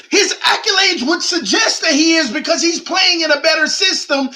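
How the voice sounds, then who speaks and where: A man's voice: extremely high pitch, moderate pace, few pauses, sharp tone, shouting. A man hosting his own sports channel, arguing his points emphatically and repeating them for effect in casual commentary.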